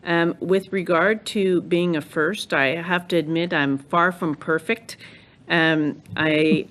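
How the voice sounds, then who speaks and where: A woman answering questions at a formal hearing, speaking in a measured, thoughtful way with frequent hesitations. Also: lowish voice, fairly even intonation, fairly bright tone. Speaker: judicial nominee answering questions.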